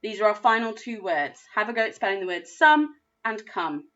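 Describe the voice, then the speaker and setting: A woman with an English accent teaching a phonics lesson to young children, spelling words out slowly and praising their efforts. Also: medium pitch, sing-song, fairly bright tone, lo-fi sound. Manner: slow, clearly spelled-out words with encouraging praise. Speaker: primary school teacher.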